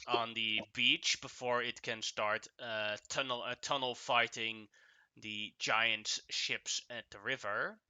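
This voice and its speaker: Slow, bright-voiced game master narrating. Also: male voice, mid-range voice, clean tone, dry recording. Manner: halting narration with many fillers and restarts.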